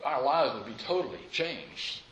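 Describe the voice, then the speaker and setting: A middle-aged man, a pastor, preaching a sermon in a lively, emphatic way with frequent chuckles. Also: medium pitch, normal speed, slight background noise, poor audio.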